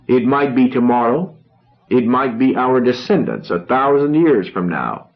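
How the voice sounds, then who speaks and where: A man reading a novel aloud, voicing a grandiose young orator who speaks solemnly with dramatic pauses. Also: medium pitch, lively intonation, lo-fi sound.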